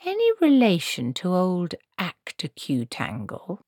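A woman's voice: fairly low pitch, huge pitch swings, darkish tone, dry recording, clean studio sound, full character voice. A woman voicing an old, bossy, blunt village witch in a storybook reading. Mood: brisk. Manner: brisk, bossy.

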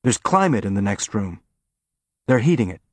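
A man playing a spaceship captain giving brisk orders during a raid. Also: fairly low pitch, sing-song, darkish tone, husky, dry recording. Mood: commanding. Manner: brisk, commanding.

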